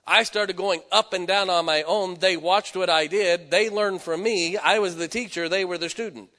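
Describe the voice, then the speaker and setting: A man preaching in a church sanctuary, his voice pitched a little high with a bright, forceful edge. He tells stories and moves between hushed lines and loud, emphatic exhortation. A long reverb hangs in the hall around him. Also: steady tone, normal speed. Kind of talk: sermon.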